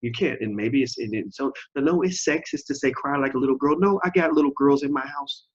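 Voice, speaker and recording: A man in his forties with a husky voice holds forth in a forceful commentary monologue, hammering his points home by repeating phrases. The recording sounds dull and lo-fi. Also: medium pitch, fairly quick. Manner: emphatic and preachy, repeats phrases for stress. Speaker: channel host.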